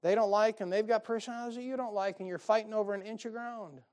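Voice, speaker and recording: High-voiced guy preaching, folksy and punchy, lots of asides. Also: fairly even intonation, fast talker, a little mellow. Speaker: pastor. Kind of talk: sermon.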